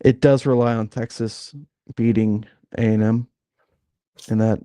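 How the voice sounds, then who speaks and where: Mellow-voiced man chatting casually. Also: on the low side, little pitch movement, a little slow, clean tone, no room sound, clean studio sound. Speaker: podcast co-host. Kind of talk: casual sports chat.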